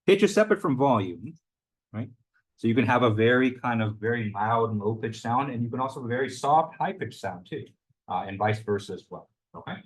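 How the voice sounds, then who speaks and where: A man's voice: medium pitch, animated, brisk. A young adult man giving a university lecture as the instructor, explaining loosely with lots of hedges and fillers. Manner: loose and hedging, full of "you know" and "kind of".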